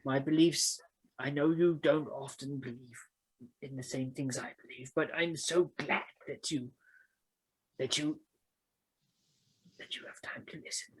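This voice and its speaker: Drunk devout cleric, hesitant and sincere, husky tone, played by a man. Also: a little high, steady tone, a little slow, long pauses, low-quality recording. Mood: grateful. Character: drunk earnest young male cleric, devout and fussy.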